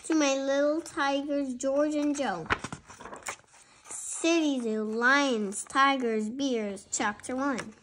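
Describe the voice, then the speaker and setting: Young storybook reader, high voice, very slow and careful. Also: steady tone, background noise. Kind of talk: storybook read-aloud.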